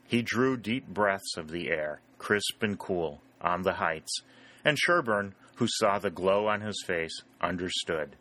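A male audiobook narrator reads a script in an even, measured storytelling style. His pitch is lowish and his tone bright and forceful.

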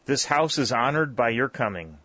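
A man reading voicing a very old woman past a hundred, fierce and entranced, with a high-pitched but strong voice and formal, solemn speech. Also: lively intonation, moderate pace, fairly bright tone, no room sound. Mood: solemn welcome. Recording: dull, lo-fi dry recording.

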